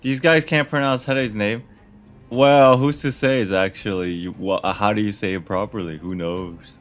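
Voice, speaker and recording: A man's voice: fairly low pitch, steady tone, normal speed, faint music behind. Chatty male gaming streamer. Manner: chatty, joking, reacting aloud. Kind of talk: casual gameplay commentary.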